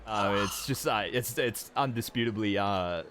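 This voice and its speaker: Bright-voiced man as game master. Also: fairly low pitch, measured pace. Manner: rambling, many fillers and restarts. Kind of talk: narrating a tabletop game.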